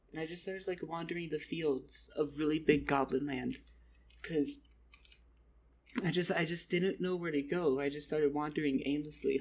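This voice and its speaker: Brief: man, fairly high and husky voice, rambling profane storyteller. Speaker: vlogger.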